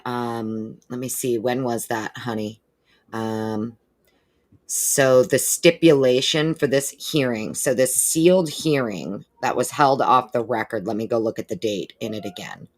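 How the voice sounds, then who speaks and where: A woman's voice: very deep voice, a little slow. A woman hosting a casual live stream, chatting with viewers by name and swearing freely while going over court documents. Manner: animated, with exaggerated put-on quote voices.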